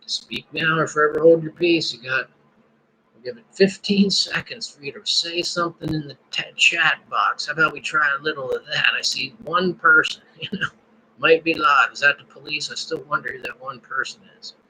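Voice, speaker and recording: A man's voice: a little high, moderate pace, bright, forceful tone, a little hiss or hum, poor audio. A man hosting a casual live stream, musing and praying aloud between his thoughts. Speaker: podcast host.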